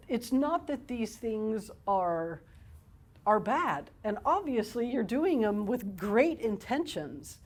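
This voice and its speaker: A woman's voice: medium pitch, darkish tone. A woman counselor and parent trainer giving a parenting workshop talk, speaking conversationally and often checking in with "okay?".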